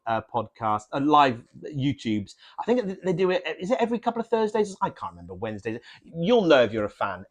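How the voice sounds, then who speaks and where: Male livestream co-host from Norfolk, lively chatty delivery, self-correcting. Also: fairly high pitch. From Norfolk, England. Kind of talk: casual livestream hosting.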